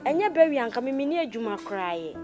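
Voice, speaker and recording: An actress with a Ghanaian accent playing a salon owner who tries to calm the other girls, speaking mostly Twi. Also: sits high, fast. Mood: earnest. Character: salon-owning woman, peacemaker among the girls. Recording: music playing under the dialogue.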